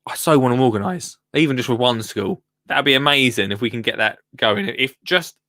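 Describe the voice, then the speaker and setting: Male host, casual live chat, rambling and jokey, mid-pitched, dry close sound. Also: expressive, a little fast, pushed and bright, no room sound. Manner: chatty, rambling, jokey, self-interrupting. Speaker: host of a live gardening show.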